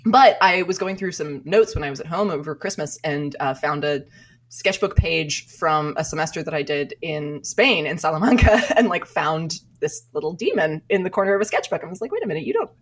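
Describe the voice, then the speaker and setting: A woman's voice: low-pitched, moderate pace. A woman cartoonist as a podcast guest, talking candidly and thoughtfully about her work. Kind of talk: reflective interview talk.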